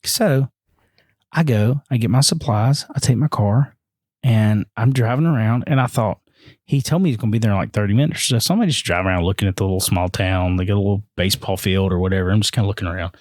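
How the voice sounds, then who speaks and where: A man telling a story on a podcast, animated and acting out the voices of the people in it. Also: fast, dry recording, studio quality. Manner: animated, acts out quoted voices with big pitch jumps. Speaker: podcast guest. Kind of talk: casual storytelling.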